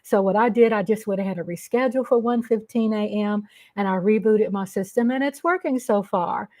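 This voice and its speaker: A middle-aged woman from Texas with a Texan accent, hosting a casual livestream and gushing shout-outs to her viewers. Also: medium pitch, brisk. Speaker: livestream host.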